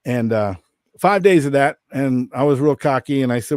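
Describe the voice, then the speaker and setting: Animated storytelling man, dry close sound. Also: moderate pace, no room sound. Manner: animated, jumps into high mocking voices when quoting. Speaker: podcast guest. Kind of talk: casual storytelling. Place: Minnesota-based.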